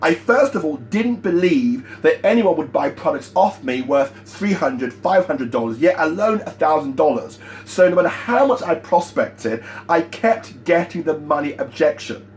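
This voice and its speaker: A man giving a motivational sales training talk, emphatic and energetic, repeating his key points. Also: fairly high pitch, moderate pace, few pauses.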